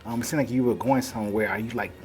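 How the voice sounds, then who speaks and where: A man's voice: on the low side, steady tone, rapid-fire, a little mellow, faint music behind, natural voice. A man doing a jittery awkward teen boy. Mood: worried. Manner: nervous, stammering self-talk. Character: anxious awkward teenage boy outcast.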